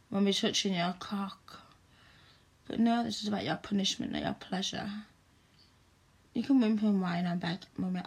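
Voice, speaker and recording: Stern woman, gravelly and husky. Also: medium pitch, a little mellow. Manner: stern, teasing, commanding. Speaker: audio role-play performer. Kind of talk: scripted adult audio role-play.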